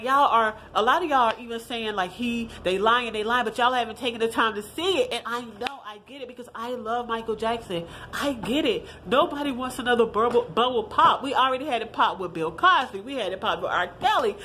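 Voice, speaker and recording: In her 30s, a woman vlogger shares blunt, profane opinions in a casual video, speaking straight to her viewers and calling them y'all with animated energy. Her voice is fairly high-pitched, and there's a little hiss or hum on the audio.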